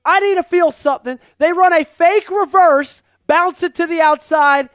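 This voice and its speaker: A man calling a game live for an online fan stream, hyped and pleading with his viewers, rising to shouts at big plays. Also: extremely high pitch, normal speed, dry recording. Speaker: fan livestream play-by-play host. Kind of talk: excitable live play-by-play commentary.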